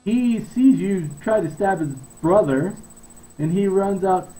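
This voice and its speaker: Guy running a d&d game, takes his time, warm low-key voice, matter of fact. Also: expressive, recorded from a distance, poor audio. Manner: unhurried, matter-of-fact narration with fillers. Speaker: dungeon master. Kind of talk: narrating a tabletop game.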